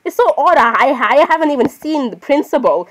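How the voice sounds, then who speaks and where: Excitable woman narrating her gameplay. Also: sits high, normal speed. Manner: excitable, apologizes constantly, talks to herself. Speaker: gamer. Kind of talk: casual gameplay commentary.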